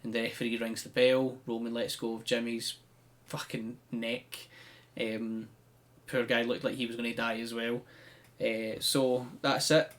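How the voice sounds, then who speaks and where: A little slow and level in tone, this mid-range male co-host recaps a wrestling show on a podcast in relaxed conversation. His storytelling is chatty and full of "um" and "like."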